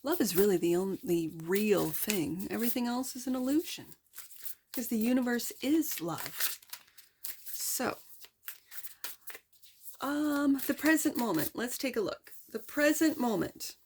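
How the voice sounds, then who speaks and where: A woman giving a chatty, playful tarot reading, exclaiming over the cards and sometimes dropping to a soft near-whisper. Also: fairly high pitch, animated, a little slow, long pauses, a little hiss or hum. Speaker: tarot reader.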